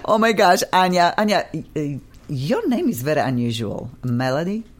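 A middle-aged woman from Poland with a Polish accent, hosting a lively radio talk show, effusive and laughing often. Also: fairly low pitch, moderate pace.

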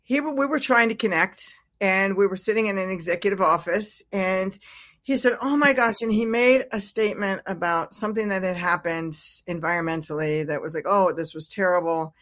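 A woman guest author talks over a video call at an ordinary middle pitch. She tells her stories with animation, slipping into little voices of her own self-talk. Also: moderate pace. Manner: animated storyteller acting out her own inner voice. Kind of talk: conversational interview.

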